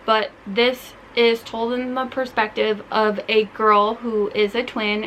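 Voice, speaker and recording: A young woman gushes about her favorite books in a chatty, enthusiastic vlog, peppering her talk with "like." Her voice sits fairly high and rings bright and forward. A faint hiss runs under the home recording. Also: poor audio. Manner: gushing, chatty, heavy use of "like". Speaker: book vlogger. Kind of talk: casual book recommendations.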